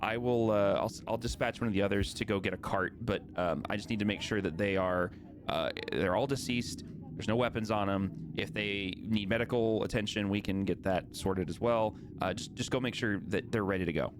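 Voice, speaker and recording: A man's voice: fairly low pitch, fairly quick, noisy background, natural voice. A man voicing a flustered female guard sergeant who rambles and hesitates. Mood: uneasy. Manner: rambling, hesitant, many fillers.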